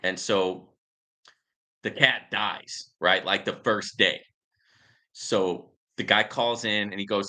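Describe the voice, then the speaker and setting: Bright-voiced, rambling male host. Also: fairly low pitch, steady tone, slow pace, pauses often. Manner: rambling, many fillers, addresses viewers as guys. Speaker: crypto investment show host. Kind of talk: casual live-stream commentary.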